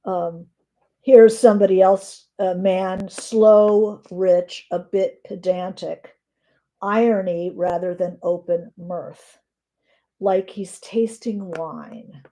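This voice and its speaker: On a live stream, a middle-aged woman teaches writing by reading descriptive notes aloud, pausing often and using fillers. Her mid-range voice is steady and dark in tone.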